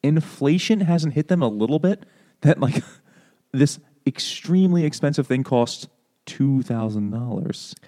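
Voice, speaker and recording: A man co-hosting a casual podcast chat over beers, joking crudely and getting animated. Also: medium pitch, unhurried. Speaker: podcast co-host.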